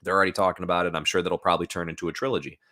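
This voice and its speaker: A man's voice: sits low, level tone, very fast, pushed and bright. A man hosting a casual live stream, rambling loosely, swearing now and then and reading out chat comments, into a new microphone at home. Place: at home, in front of a laptop.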